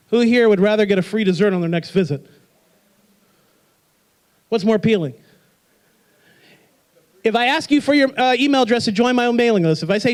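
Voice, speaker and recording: A man with a notably high voice presents a workshop to a live audience. He is energetic and playful, and he fires rhetorical questions at the room to keep people involved.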